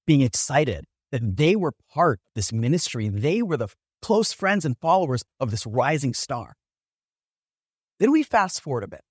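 A man preaching a sermon in a church, in a conversational manner with lively storytelling. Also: fairly high pitch, slightly rough, no echo, studio quality. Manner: conversational, animated storytelling with vivid examples.

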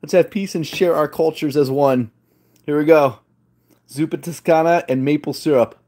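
A man vlogging a casual taste test, excitable and playful with exclamations. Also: on the high side, normal speed. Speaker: food vlogger.

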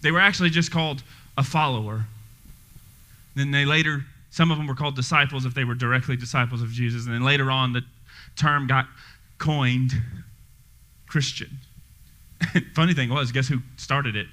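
A male pastor preaching a sermon to his congregation in a church, energetic and joking, speaking directly to the people in the room. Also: mid-range voice, moderate pace, pauses often. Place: church sanctuary before a congregation.

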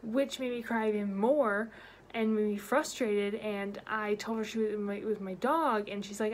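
A woman vlogger telling a personal story in an animated, expressive way. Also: normal speed, a little hiss or hum. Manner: animated, expressive storytelling with big pitch swings. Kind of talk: storytime vlog.

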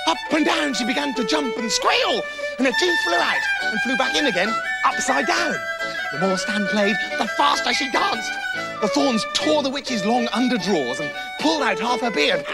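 A man with an English accent narrating a comic children's story with playful, animated mock horror. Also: extremely high pitch, moderate pace, creaky. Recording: roomy reverb, faint music.

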